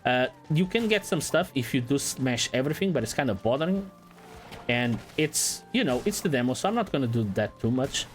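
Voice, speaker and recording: A man giving casual let's-play commentary in a relaxed, playful way, swearing now and then. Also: mid-range voice, fairly quick, faint music behind. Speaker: gaming channel host.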